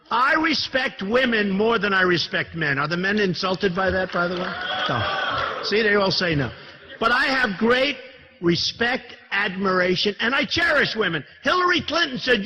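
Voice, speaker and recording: Lively, bright-voiced man in his sixties giving a boastful speech. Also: extremely high pitch, moderate pace. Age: 60s. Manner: boastful, rambling, repetitive asides to the crowd. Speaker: political candidate addressing business leaders. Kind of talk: campaign speech. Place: event hall with an audience. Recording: dull lo-fi recording with faint noise.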